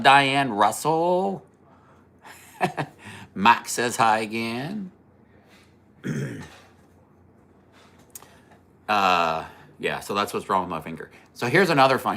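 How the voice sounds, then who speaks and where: A man with a rather low but bright, forceful voice hosts a casual livestream chat. He rambles through personal stories and chuckles at his own jokes. Between stories he reads out and answers viewer comments. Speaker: livestream host.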